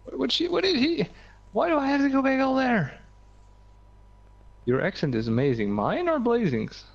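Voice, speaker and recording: A man with a Dutch accent, chatting casually while streaming a game, excitable and prone to stammered restarts. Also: extremely high pitch, moderate pace, gravelly. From Netherlands. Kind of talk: casual gaming chat. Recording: dull lo-fi mic, faint noise.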